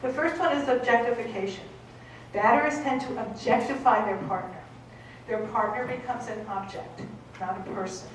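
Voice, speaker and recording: A woman's voice: a little high, moderate pace, background noise. A woman from Boston with a Boston accent, giving an emphatic conference talk and often checking in with "okay?". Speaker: conference speaker. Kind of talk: lecture. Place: conference hall. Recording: echoey hall, voice from a distance.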